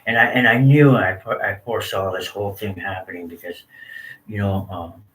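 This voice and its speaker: A low-voiced man rambles through his story in a laid-back, slangy way. He sits back from the microphone in a roomy space, with faint ambience behind him. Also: steady tone, normal speed, a bit bright, recorded from a distance. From Southern California. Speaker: storyteller sharing his life. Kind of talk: casual personal storytelling.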